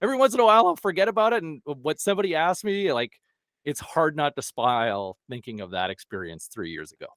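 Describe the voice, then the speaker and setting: A man's voice: a little high, fast talker, no room sound, studio quality. A man, a sports broadcaster, telling stories as a guest on a podcast and acting out the people he quotes. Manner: animated, acts out quotes with lively voice shifts. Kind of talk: casual storytelling in a podcast.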